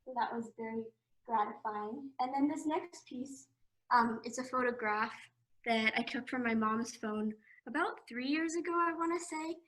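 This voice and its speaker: A woman's voice: fairly high pitch, moderate pace, a bit bright. A young woman, an art student, presenting her own artwork in a casual, hesitant way, with frequent ums and a little out of breath. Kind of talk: casual showcase talk. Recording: echoey room.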